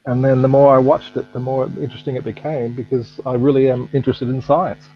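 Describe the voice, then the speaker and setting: A man in his fifties with an Australian accent, chatting as a guest in a relaxed, self-deprecating way. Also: mid-range voice, brisk, muffled recording, a little hiss or hum. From United States. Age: 50s. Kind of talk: casual chat. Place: home at night.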